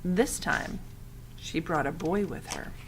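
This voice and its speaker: A woman's voice: low voice, slow pace, a little hiss or hum. A woman reading a children's novel aloud expressively, adding asides to the listener. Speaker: audiobook reader.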